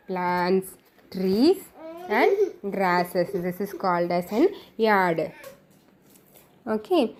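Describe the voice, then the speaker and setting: A woman's voice: medium pitch, darkish tone, a little hiss or hum. A woman teaching young children a phonics lesson, repeating each word and asking the class simple questions. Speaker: kindergarten teacher.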